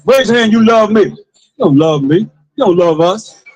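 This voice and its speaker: A man street preaching to passers-by, with forceful call-and-response, repeated phrases and bursts of shouting. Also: sits high, expressive, normal speed, faint music behind, poor audio. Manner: forceful call-and-response, commands a reader to read.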